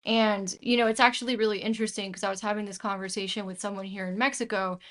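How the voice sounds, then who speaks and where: A woman's voice: medium pitch, steady tone, fast, fairly bright tone. A woman hosting a casual conversation, emphatic and opinionated, from the United States. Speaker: host.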